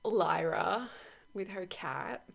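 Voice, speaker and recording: Woman author, low voice, unhurried, chatty unboxing vlog. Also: lively intonation, vocal fry, fairly bright tone. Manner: chatty, rambling, laughs often, many fillers. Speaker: oracle deck author. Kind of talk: casual unboxing walkthrough.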